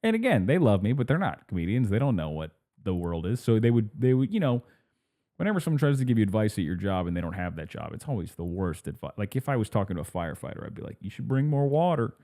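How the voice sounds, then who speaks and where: A man in his thirties hosts a podcast alone, with a low, mellow voice. He rambles through casual chat, cutting himself off and restarting, and he slips into playful impressions of other people. He laughs easily between thoughts. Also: big pitch swings, quick pace. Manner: rambling, self-interrupting, laughs often, acts out quotes. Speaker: podcast host.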